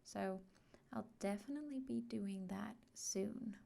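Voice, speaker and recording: A woman giving a soft-spoken unboxing vlog, often sliding into a whisper and talking slowly and gently. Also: medium pitch, vocal fry. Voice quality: frequently whispered. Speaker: art vlogger.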